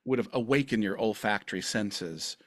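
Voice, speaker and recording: A man's voice: fairly low pitch, moderate pace, no echo, studio quality. A man hosting a podcast interview, rambling and effusive in his praise. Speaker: podcast host. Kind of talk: casual interview chat.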